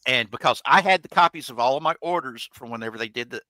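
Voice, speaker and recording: A podcast host with a medium-pitched voice tells a long personal story during a casual live chat. His speech is quick, pushed and bright, colloquial and salty, with plenty of swearing and acted-out quotes from other people. The recording is rough but echo-free.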